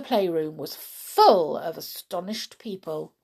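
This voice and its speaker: Animated woman reading a children's story. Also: on the low side, unhurried.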